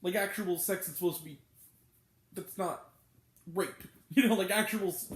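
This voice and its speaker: A man's voice: high-pitched, normal speed, roomy sound, slight background noise. A man giving a blunt, exasperated, profane movie review as host of his own show. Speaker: film reviewer.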